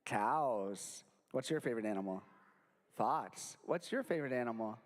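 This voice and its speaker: A man's voice: mid-range voice, normal speed, big-room sound. A young man performing a goofy, interactive children's show with a live audience at a library. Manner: goofy, animated, jokey with the kids. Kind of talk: playful kids' show with sing-along.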